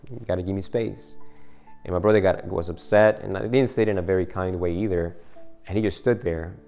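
A man's voice: deep voice, steady tone, fast talker, creaky, a little mellow, smooth, soft background music. A middle-aged man preaching a sermon and telling a personal story in a conversational way, with frequent restarts. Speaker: pastor.

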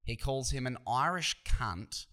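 A man's voice: mid-range voice, expressive, a little slow, bright, forceful tone. An Australian man hosting a solo podcast, talking casually in a profane, opinionated, rambling way with frequent restarts. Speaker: podcast host.

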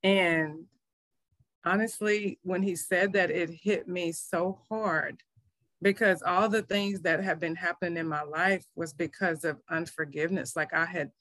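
A woman's voice: lowish voice, fairly even intonation, unhurried, fairly bright tone, no room sound. A middle-aged woman pastor, telling her faith story in an earnest, emotional way. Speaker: pastor and minister. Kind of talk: testimony in a faith interview.

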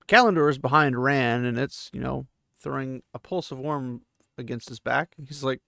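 A man's voice: medium pitch, steady tone, moderate pace, creaky, fairly bright tone, no echo, clean studio sound. A man hosting a podcast, casually retelling a novel chapter in loose, chatty paraphrase with fillers. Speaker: podcast host.

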